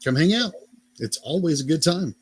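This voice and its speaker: A man co-hosting a podcast in a relaxed, teasing, casual way. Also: on the high side, moderate pace, slightly rough. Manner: teasing, laid-back. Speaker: podcast co-host.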